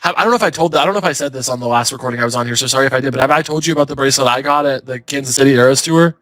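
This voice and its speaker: Young man, comedian guest on a podcast, bright forceful voice, animated storytelling, dry close mic. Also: medium pitch, rapid-fire, no echo. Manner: animated storyteller, acts out quotes. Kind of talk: casual chat.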